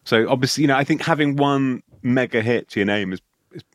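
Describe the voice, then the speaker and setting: A man's voice: mid-range voice, a little fast, no echo, clean studio sound. A man co-hosting a comedy podcast, riffing playfully with jokey asides. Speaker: podcast co-host. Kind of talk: casual comedic chat.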